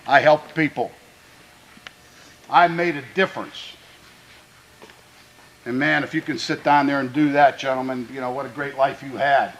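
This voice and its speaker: A man coaching his high school football team before a game, his voice pitched a little above the usual for a man. He talks to the players in an earnest, plainspoken way, with faint noise in the background. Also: rough recording. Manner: earnest, plainspoken exhortation, pausing to restart phrases; grows louder and more fervent when speaking of country. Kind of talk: pregame locker-room speech to players.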